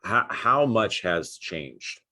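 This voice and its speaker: A man's voice: on the low side, big pitch swings, slow pace, pushed and bright. A man hosting a podcast interview who chats casually, swears freely and laughs often. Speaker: podcast host. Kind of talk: casual chat.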